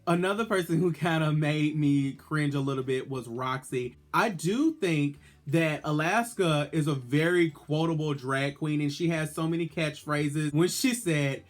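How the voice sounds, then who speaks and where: A man, a drag queen vlogger, chatting in a sassy, playful way as he reviews an episode. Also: a little high. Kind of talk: casual video review.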